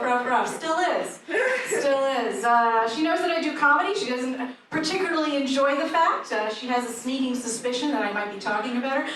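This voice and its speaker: A woman comedian doing a stand-up set in a comedy club, with a deadpan, dry delivery of dark jokes. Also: high-pitched. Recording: echoey club audio from far off, audience noise.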